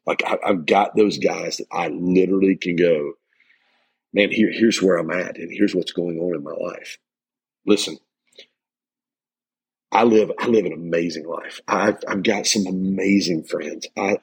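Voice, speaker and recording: A middle-aged man with a very low, gravelly voice speaks earnestly on a motivational podcast. His tone is husky and he pushes his points with emphasis, often restarting his sentences. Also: poor audio. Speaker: life coach and podcast host.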